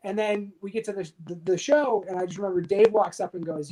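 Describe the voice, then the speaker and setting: A man's voice: high-pitched, a little fast, poor audio. A man in his forties from the United States, a retired soldier and pro wrestler, telling stories as a guest in a casual interview. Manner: animated storyteller acting out others' quotes.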